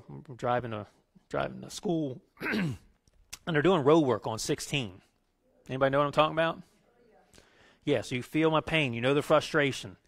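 A middle-aged male pastor giving a conversational sermon, telling stories and building into animated rants. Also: medium pitch.

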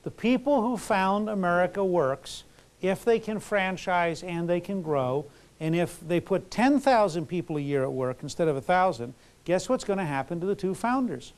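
Male lecturer, fairly high voice, loose conversational delivery full of fillers. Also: expressive, normal speed. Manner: conversational, many fillers and restarts. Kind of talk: college lecture.

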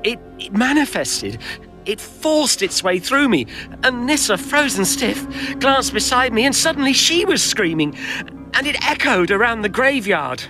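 A man's voice: very high voice, big pitch swings, measured pace, shouting, over music, full character voice. A man narrating as a young male companion in pain, telling his story in an urgent first-person audiobook reading. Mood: tense.

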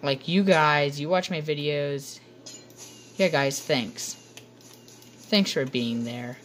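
A woman's voice: low voice, takes it slowly, slight background noise. A woman giving playful, rambling commentary over gameplay to her viewers on a computer microphone. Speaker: gaming channel host.

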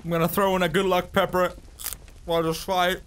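High-voiced young man yelling through pain. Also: little pitch movement, brisk, a little hiss or hum. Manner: swearing, yelling and groaning in pain. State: pained from hot peppers, coughing. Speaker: gaming YouTuber. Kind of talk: gameplay commentary.

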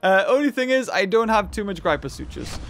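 A young man chatting casually through a mobile dinosaur game, excitable and rambling with lots of fillers. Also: high-pitched, a little fast, slight background noise. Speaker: gaming YouTuber.

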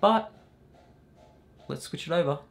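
A young Australian man reviewing his streaming gear in a casual, excited way, swearing freely, on a studio mic in his streaming room. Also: a little high, measured pace, gravelly. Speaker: Twitch streamer. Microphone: studio dynamic mic.

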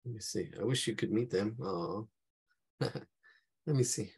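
Drawing teacher, male, gravelly, slow, losing his voice, casual and chatty. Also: lowish voice, darkish tone. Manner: casual, hums and talks to himself while sketching. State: losing his voice, clearing his throat. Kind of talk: live online drawing class.

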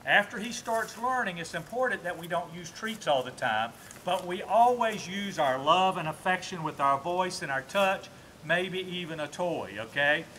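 A Southern US man with a high, bright, forceful voice teaches dog training outdoors. He explains each step to the camera, then snaps out short commands to the puppy, with a faint hum of outdoor ambience behind him. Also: lively intonation, normal speed.

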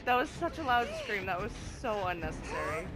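A woman doing live gameplay commentary as a channel host, swearing often and yelping and shouting when she gets scared. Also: medium pitch, very animated, a little fast. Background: loud game music and sounds.

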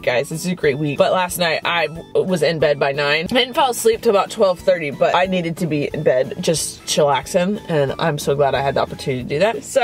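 A woman's voice: deep voice, poor audio. A young woman from the United States vlogging her day in casual chat, tired but upbeat and self-mocking, talking to a handheld camera. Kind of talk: casual daily vlog.

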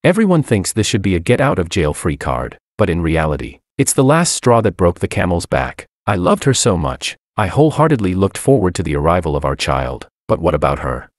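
A man reads a first-person story with a deep voice that still rises and falls a great deal. His delivery is steady and measured. The sound is dry and close, with no room around it. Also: no room sound. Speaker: narrator.

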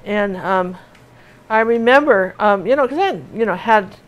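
A woman's voice: mid-range voice, expressive, a little slow, dull audio. Middle-aged woman, art teacher, loose and chatty, drifts into stories mid-lesson. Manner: chatty and rambling, with many fillers and restarts. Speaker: painting teacher. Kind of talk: casual tutorial chat while painting.

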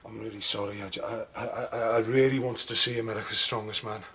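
An actor playing a hapless sidekick who stammers and blurts things out. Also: male voice, high-pitched, sing-song, quick pace, fairly bright tone, slight background noise. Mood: sheepish.

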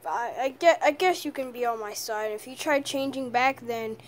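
A woman's voice: fairly high pitch, moderate pace, pitched below the performer's own voice, lightly acted. A woman voicing a rude male plumber who swears and makes threats in a homemade toy play. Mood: grudging. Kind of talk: toy play narration with voices.

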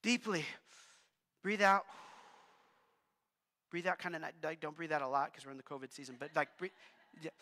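Bright-voiced casual male pastor. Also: on the high side, moderate pace, pauses often. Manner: casual, animated preaching with asides to the congregation. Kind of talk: sermon. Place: church hall. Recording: long hall reverb.

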